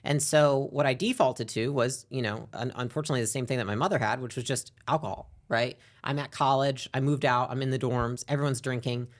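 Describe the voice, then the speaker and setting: A young adult woman, a podcast guest, frankly telling a personal story, reflective, sometimes rushing and sometimes dropping quiet. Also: a bass voice, steady tone. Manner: frank and reflective, often speeding up and trailing off quietly. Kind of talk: candid personal story in an interview.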